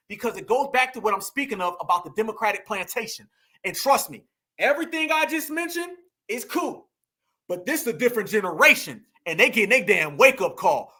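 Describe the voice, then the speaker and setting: A man with a strikingly high, bright and forceful voice, preaching his political commentary with heat. He hammers points home through repetition and keeps calling out to his audience directly. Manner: preachy, emphatic, repeats lines for effect, addresses listeners as y'all. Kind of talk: impassioned political monologue.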